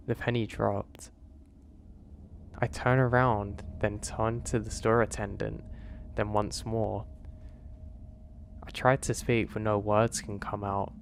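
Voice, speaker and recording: A man, narrating a first-person horror story in a steady, earnest way. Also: fairly low pitch, moderate pace, creaky, slight background noise.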